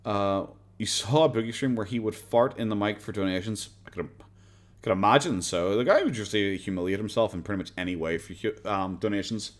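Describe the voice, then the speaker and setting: A man's voice: fairly low pitch, a little fast. A man with an Irish accent streaming casual commentary, sarcastic and swearing freely. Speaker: streamer reacting to videos.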